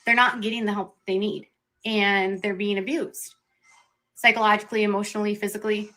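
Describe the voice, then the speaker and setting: A woman hosting a live stream, talking earnestly about a serious issue in quick bursts. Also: medium pitch, little pitch movement, a bit bright, low-quality recording. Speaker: livestream host. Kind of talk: serious commentary on a social issue.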